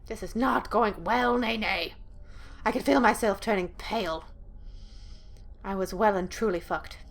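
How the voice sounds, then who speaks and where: A woman's voice: medium pitch, a little slow. Profane woman gamer reading a horror game. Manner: dramatic reading broken by blunt, profane asides. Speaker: let's play gamer.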